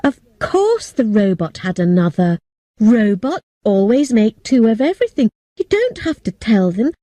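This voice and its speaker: Dark-voiced woman reading an audiobook. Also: fairly high pitch, a little slow, dry recording. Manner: clear and steady, for language learners. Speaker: audiobook narrator. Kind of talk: scripted narration.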